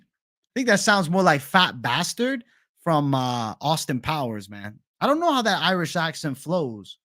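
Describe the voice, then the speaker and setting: A man's voice: on the high side, sing-song, a little slow, sharp tone, no echo, studio quality. Laid-back, swearing man reading chat. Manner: casual, profane, laid-back bro talk. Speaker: livestream host. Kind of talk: casual livestream chat, reading viewer questions.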